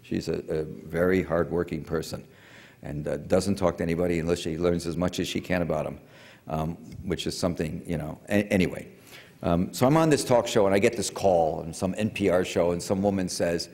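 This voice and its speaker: An older man gives a public lecture in a big, reverberant hall, narrating a story in a wandering, digressive way with frequent fillers and restarts. His low, darkish voice keeps a moderate pace and fairly even intonation.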